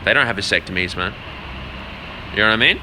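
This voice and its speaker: A man's voice: on the low side, lively intonation, quick pace, noisy background. A man livestreaming a blunt, profane rant, answering his chat and stumbling over repeated words as he talks. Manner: repeats words while searching for them. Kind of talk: casual rant to a live audience.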